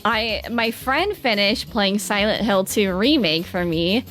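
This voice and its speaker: A woman's voice: medium pitch, animated, measured pace, a bit bright, soft background music. A young woman with a Southern American accent, chatting casually with her live-stream chat in a bubbly, dramatic way. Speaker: VTuber streamer reading chat.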